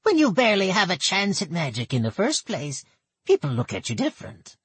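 A hunched goblin woman with a thick nasal voice, sly and insinuating, lifted high above the reader's own register, as a man voices her. Husky texture, with pitch bouncing all over. Dry, close sound. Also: wildly swooping pitch, fairly quick, a bit bright, dry recording, exaggerated voice. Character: hunched scheming female goblin envoy. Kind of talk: audiobook narration.

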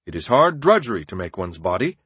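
A big, stern father speaks with measured earnestness, as a male reader gives him voice. His voice is husky and dry, set close in a dead quiet studio sound with no room around it. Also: low-pitched, sing-song, dry recording, full character voice. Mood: earnest. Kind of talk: audiobook narration.

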